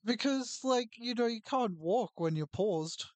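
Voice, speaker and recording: A man's voice: very high voice, animated, no echo. A man co-hosting a podcast, chatting casually and laughing easily. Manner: giggly, quick to laugh. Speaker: podcast co-host. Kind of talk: casual recap chat.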